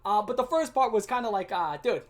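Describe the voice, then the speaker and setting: A woman's voice: mid-range voice, expressive, brisk. A woman in her twenties telling a storytime rant in a casual, profane and self-mocking way.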